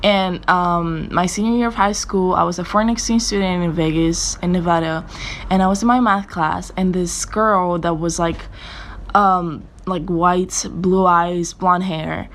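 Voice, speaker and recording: A young woman from Spain telling a story in a lively, sassy way, with some swearing. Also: mid-range voice, normal speed. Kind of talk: casual storytelling.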